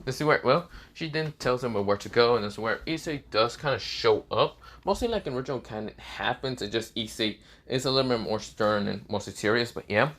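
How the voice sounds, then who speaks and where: A man's voice: medium pitch, expressive, a little fast, hardly any pauses, a bit bright. A man retelling a fan story casually, rambling with many fillers.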